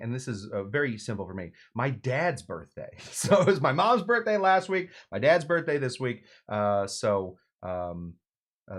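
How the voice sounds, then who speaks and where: A man's voice: medium pitch, fairly bright tone. Rambling, self-mocking male show host. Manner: rambling, self-mocking, with frequent fillers and restarts. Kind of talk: casual live-stream chat.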